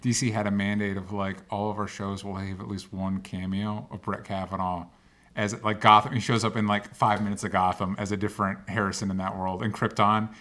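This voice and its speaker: A man co-hosting a podcast, chatting in a quick, jokey way. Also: on the low side, level tone, a bit bright. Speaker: podcast co-host. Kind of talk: casual chat.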